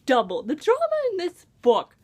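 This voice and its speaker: A young woman talks through a novel in a casual vlog. Her voice sits high and swoops up and down, with a gushing, exasperated manner and many exclamations. She sounds like an excited fan venting about the story. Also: moderate pace. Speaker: book reviewer. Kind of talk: casual book review vlog.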